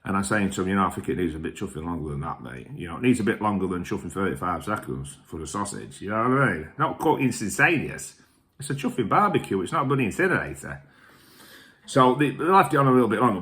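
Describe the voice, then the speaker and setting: A middle-aged man, a little tipsy, rambling through jokey stories and swearing mildly in nearly every sentence. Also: fairly low pitch. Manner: animated, jokey and self-mocking. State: tipsy from drinking whisky. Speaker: whisky reviewer and vlog host. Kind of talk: rambling casual storytelling.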